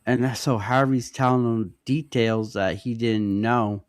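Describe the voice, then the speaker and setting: A man co-hosting a casual podcast, calmly retelling scenes and inviting the others to speak. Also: medium pitch, measured pace, dry recording, clean studio sound. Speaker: podcast co-host. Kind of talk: casual comic-book discussion.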